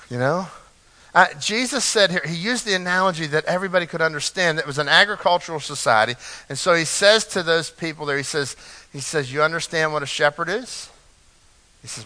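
A man's voice: a little high, normal speed, pushed and bright. A man preaching a conversational sermon as pastor, earnest and repeating his key phrases, with light asides. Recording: reverberant church hall.

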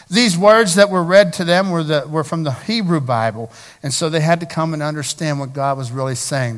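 A middle-aged man preaching a sermon, talking in a conversational way and slowing down to stress scripture lines. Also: high voice, fairly bright tone. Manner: conversational preaching, rising to emphatic slowed scripture reading. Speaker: pastor.

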